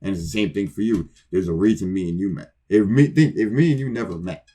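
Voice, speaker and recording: A man's voice: low-pitched, fast, mellow, slightly rough. A man co-hosting a podcast, casually telling a rambling, profane story and acting out both sides of old conversations. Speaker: podcast co-host.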